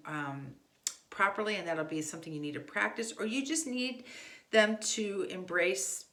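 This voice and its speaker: A woman's voice: on the low side, pushed and bright, echoey room. A woman giving casual homeschool reading advice to parents, talking loosely with many fillers and restarts. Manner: conversational, frequent fillers and restarts. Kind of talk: casual instructional talk.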